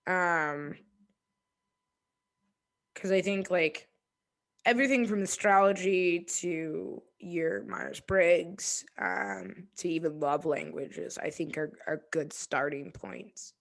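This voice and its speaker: A woman in her twenties, an interview guest, talking reflectively and hesitantly with many pauses and restarts. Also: on the low side. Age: 20s. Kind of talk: reflective casual conversation.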